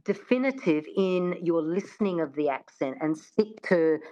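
A woman's voice: lowish voice, expressive, normal speed, dark tone, highs cut off. A woman, a coach being interviewed on radio, agreeable and explaining plainly. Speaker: accent coach.

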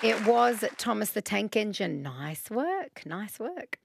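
A woman's voice: medium pitch, sing-song, takes it slowly, creaky, husky, dry recording, clean studio sound, some chatter behind. An Australian woman hosting casual talkback radio, bubbly and chatty, laughing often. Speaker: radio host.

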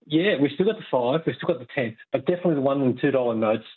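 A man calling in to a radio show, friendly and rambling in a relaxed way. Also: mid-range voice, racing, husky. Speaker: caller. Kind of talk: casual phone-in chat. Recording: tinny phone line.

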